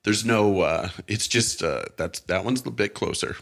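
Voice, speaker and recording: A man's voice: lowish voice, measured pace, a bit bright. A man in his forties with a Canadian accent, a comedian guest chatting casually on a podcast, laughing often and rambling. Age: 40s. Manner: laid-back, laughs often, rambling restarts.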